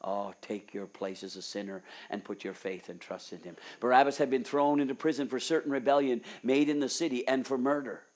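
A man preaching a sermon, moving between hushed, near-whispered pleas and loud, fervent urging. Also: medium pitch, fairly quick, few pauses.

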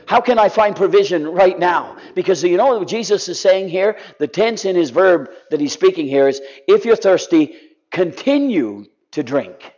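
A man preaching a sermon with passion, sometimes sinking to a soft, pleading voice. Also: high voice, lively intonation, normal speed. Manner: impassioned, drops to soft pleading. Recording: dull lo-fi sound.

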